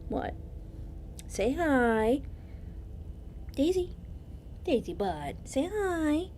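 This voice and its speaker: A woman's voice: sits high, sing-song, very slow, pauses often, darkish tone, a little hiss or hum. A woman streaming a game playthrough, chatting casually and reading the dialogue aloud. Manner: chatty, reads game dialogue aloud and coos to her cat.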